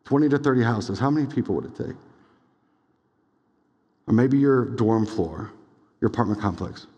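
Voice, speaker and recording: A young adult man preaching a sermon as pastor, casual and animated, full of "like"s and quick asides. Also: medium pitch, slightly rough, highs cut off. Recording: long hall reverb.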